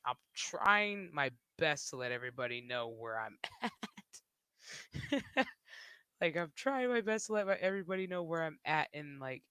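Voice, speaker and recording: A man's voice: a little high, pushed and bright, clear, resonant tone, no room sound. A man streaming who talks in a rambling, casual way, swearing and laughing often. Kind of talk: casual livestream chat.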